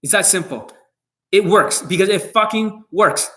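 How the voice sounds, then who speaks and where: At an ordinary pace, a dating coach addresses his viewers in a bragging, curse-filled monologue. He's a man with a slightly high voice, and his delivery is blunt, with nothing softened.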